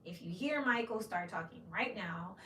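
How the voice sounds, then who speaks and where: A woman's voice: medium pitch, expressive, normal speed, a bit bright. Blunt woman in an echoey room. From Memphis, USA. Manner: blunt and profane, with frequent "you know what I mean". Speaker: tarot reader. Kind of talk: casual tarot reading rant. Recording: roomy echo, distant from mic.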